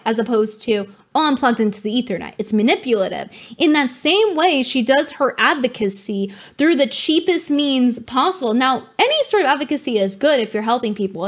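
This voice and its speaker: A young woman streamer giving sarcastic commentary, slipping into mocking impressions. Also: sits high. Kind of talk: livestream commentary.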